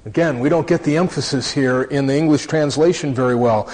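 A man preaching a sermon, earnest and slowing down to stress key phrases. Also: medium pitch, a little mellow. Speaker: pastor. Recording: long reverb of a large hall.

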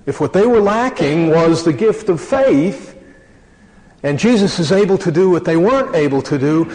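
A man preaching a sermon, earnest and slowing down to stress key phrases. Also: fairly high pitch, darkish tone. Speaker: pastor. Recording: long reverb of a large hall.

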